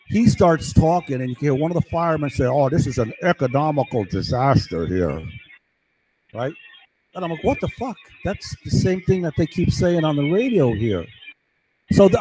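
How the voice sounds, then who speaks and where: A man's voice: on the high side, a little mellow, a little hiss or hum, poor audio. A man delivering an agitated, profane monologue full of accusations. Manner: ranting, profane, accusatory outbursts.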